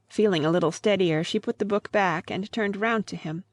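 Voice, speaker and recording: Woman, audiobook narrator, calm, measured, dry close recording. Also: medium pitch, dry recording. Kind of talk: scripted narration.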